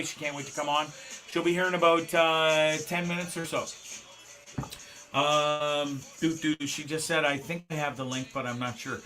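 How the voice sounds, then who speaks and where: Bright-voiced, rambling host. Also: male voice, a little high. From Canada. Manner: rambling, profane, laughs often, many restarts. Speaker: host of a live show. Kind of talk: rambling live-stream chat. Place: small home studio. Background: faint background music.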